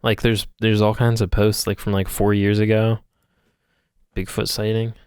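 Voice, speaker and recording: A man's voice: on the low side, level tone, normal speed, a little mellow, clear, resonant tone, dry recording, studio quality. A man co-hosting a podcast in casual chat, laughing often and rambling with fillers. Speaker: podcast co-host.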